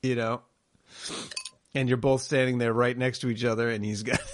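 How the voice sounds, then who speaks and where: A man's voice: medium pitch, huge pitch swings, slow pace, slight background noise. A man co-hosting a podcast in casual comedic chat, jokey and teasing, laughing often.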